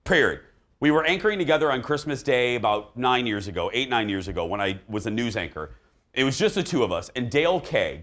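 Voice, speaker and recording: A man's voice: mid-range voice, a bit bright. A middle-aged man hosting a daytime TV talk show, chatting casually in a snarky, joking way.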